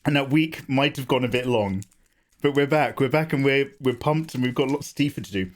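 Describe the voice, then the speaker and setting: A man chats with his stream audience while he draws, joking and greeting people by name. His voice is a little hoarse from a cough. He sits at a middle pitch and keeps a loose, casual flow. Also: brisk. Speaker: art streamer. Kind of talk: casual live-stream chat.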